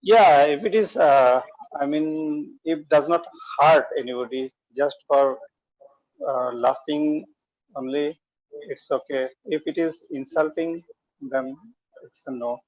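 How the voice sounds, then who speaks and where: A middle-aged man practises spoken English over a video call, speaking haltingly and stopping often to find his words. His voice sits at an ordinary pitch for a man. The call audio is dull and lo-fi. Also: a little mellow. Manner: hesitant, halting learner English with fillers. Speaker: English learner.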